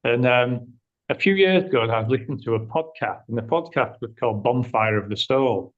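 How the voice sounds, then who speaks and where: A man chatting as an interview guest, animated as he tells his stories. His voice sits at an ordinary middle pitch, and the recording sounds slightly dull and muffled. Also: brisk. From northern England. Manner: animated, acts out quoted dialogue. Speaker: interview guest, agency owner. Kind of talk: conversational storytelling.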